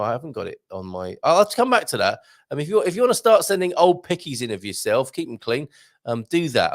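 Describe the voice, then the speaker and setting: A man's voice: medium pitch, gravelly. A man hosting a casual live stream, reading out viewer comments in a chatty way with frequent stumbles and restarts.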